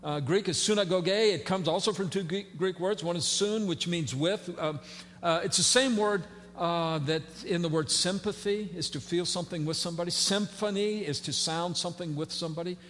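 A man's voice: sits high, moderate pace, a bit bright, long reverb tail. A man preaching a sermon as pastor, conversational and folksy, with fillers and playful asides. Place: church sanctuary.

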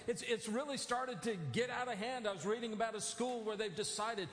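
This pastor's voice is extremely high, fairly bright, and fairly even in intonation, and he speaks briskly. Preaching in a church sanctuary with echoey acoustics, he keeps it conversational, full of fillers and self-corrections.

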